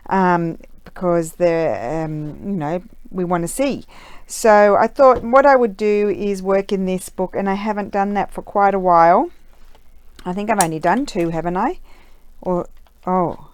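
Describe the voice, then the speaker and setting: A woman's voice: lowish voice, clear, resonant tone, no echo. A woman vlogger chatting casually at home while working on a craft project, rambling with lots of ums and uhs. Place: room at home with window open.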